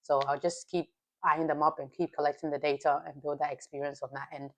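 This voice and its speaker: Woman, lower register, a futures trader hosting her own stream, relaxed and profane with chat and self-coaching in her day's review. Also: brisk. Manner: loose and profane, chatting with viewers. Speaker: futures trading livestreamer.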